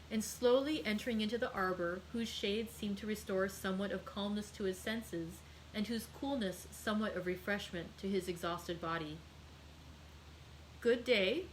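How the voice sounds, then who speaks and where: A woman's voice: medium pitch, moderate pace, hardly any pauses, a little hiss or hum, low-quality recording. Woman reading a classic novel aloud. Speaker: librarian hosting a read-aloud.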